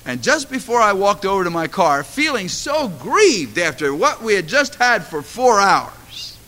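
Bright-voiced impassioned man preaching. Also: sits high, big pitch swings, a little slow. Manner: impassioned storytelling, voice rising to fervent exhortation. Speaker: pastor. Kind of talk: sermon.

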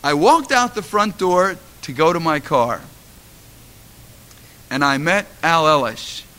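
A man's voice: fairly high pitch, animated, slow, bright, forceful tone. A middle-aged man, a pastor, delivering a sermon with impassioned storytelling that rises to fervent exhortation.

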